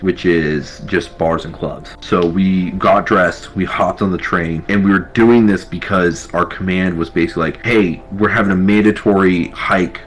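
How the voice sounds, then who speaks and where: An army veteran recounting a wild night in a rambling, profane, casual way. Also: male voice, deep voice, steady tone, a little slow, hardly any pauses, soft background music, rough recording. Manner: rambling, profane, full of fillers. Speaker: army veteran telling his story. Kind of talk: casual storytelling.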